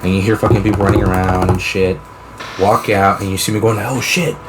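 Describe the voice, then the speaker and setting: A man's voice: deep voice, little pitch movement, fast, loud music behind the voice. A young man hosting a casual podcast chat. He rambles and swears a lot while spinning long hypothetical scenarios. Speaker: podcast host.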